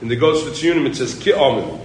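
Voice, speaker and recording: A man teaching a Talmud class, quizzing his students with quick questions and pushing them to read on. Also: medium pitch, roomy sound, a little hiss or hum, low-quality recording.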